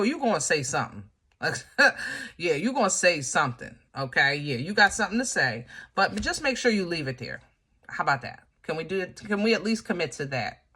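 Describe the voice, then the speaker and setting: A woman talks her viewers through a tarot reading in a relaxed, conversational way. Her voice is bright and forward, and her delivery is animated and full of everyday asides. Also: on the low side. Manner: animated, chatty, with laughs and colloquial asides. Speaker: tarot reader. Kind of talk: casual tarot reading to camera.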